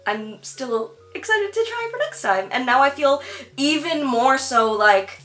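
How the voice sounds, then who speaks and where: A woman talks to the camera in a candid, casual vlog at home, with a slightly high, very bright and forceful voice. She is chatty and self-deprecating, full of "like" and quick laughs. Faint music plays underneath. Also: very animated. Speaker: YouTuber.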